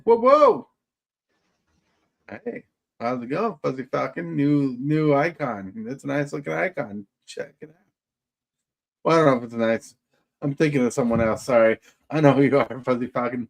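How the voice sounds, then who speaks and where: Male stream host, chatty and rambling, average pitch. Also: gravelly. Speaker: livestream host. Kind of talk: casual chat.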